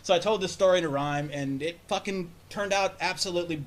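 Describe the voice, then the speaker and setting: A man's voice: high-pitched, a little fast. A man on a casual podcast telling a long, rambling, profane story with many restarts. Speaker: podcast host.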